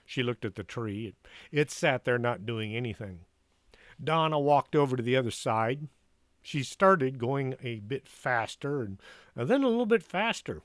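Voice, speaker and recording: Animated male storyteller. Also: mid-range voice, moderate pace, no echo, clean studio sound. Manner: expressive, animated reading. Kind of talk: reading a storybook aloud.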